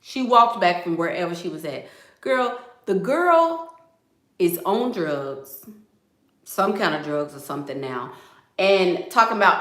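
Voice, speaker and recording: A woman's voice: lowish voice, sing-song, measured pace, long pauses, fairly bright tone, reverberant. A woman vlogger telling gossip to her viewers in a casual, chatty way, often calling them "girl".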